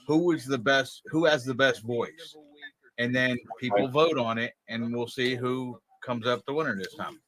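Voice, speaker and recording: A man's voice: mid-range voice, poor audio. A man hosting a casual live-stream chat, explaining plans in a rambling way and repeating phrases. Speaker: show host.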